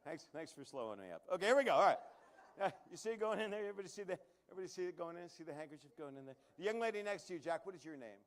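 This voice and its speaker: High-voiced joking stage magician man. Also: animated. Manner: joking, quick asides to the crowd. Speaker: comedy magician. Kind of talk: live stand-up magic act. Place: comedy showroom stage.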